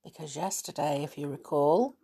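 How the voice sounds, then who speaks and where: A woman reading a children's adventure book aloud as a podcast storyteller, with slow, expressive narration. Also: low voice, breathy edge.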